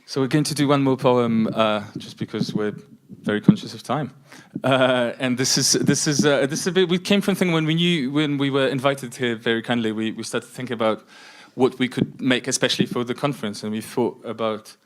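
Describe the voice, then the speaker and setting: A man's voice: medium pitch, brisk, few pauses. A middle-aged man performing spoken word poetry at a conference, introducing his poems in a hesitant, chatty way. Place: conference room before an audience.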